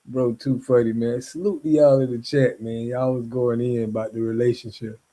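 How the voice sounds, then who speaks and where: A man's voice: mid-range voice, steady tone, normal speed, warm tone. Laid-back man hosting a live stream. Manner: laid-back, slangy, affirming. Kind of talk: casual live stream chat.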